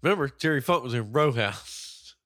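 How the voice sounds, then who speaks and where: A man's voice: medium pitch, expressive, moderate pace, fairly bright tone. A man co-hosting a casual movie chat, swearing, joking and often laughing while acting out silly lines. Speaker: podcast co-host.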